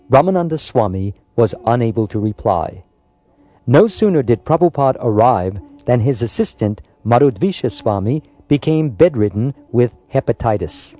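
A man reading a biographical story aloud in a measured, scripted narration. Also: mid-range voice, expressive, mellow, faint music behind. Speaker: audiobook narrator.

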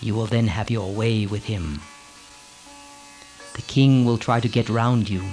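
A man's voice: lowish voice, steady tone, unhurried, darkish tone, faint music behind, close to an everyday voice. A man voicing a scheming woman servant who presses her queen with insistent commands in a storybook reading.

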